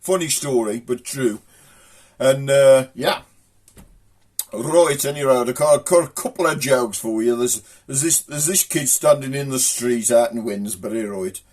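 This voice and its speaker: A man's voice: medium pitch, unhurried, a little mellow. Folksy Black Country man telling jokes. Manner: rambling, folksy joke-telling. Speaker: comic video host. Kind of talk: casual comic monologue.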